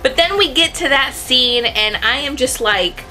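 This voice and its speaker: A woman's voice: sits high, lively intonation, a little slow, sharp tone, soft background music. A young woman chatting casually to camera about books, rambling and correcting herself as she goes. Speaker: book vlogger.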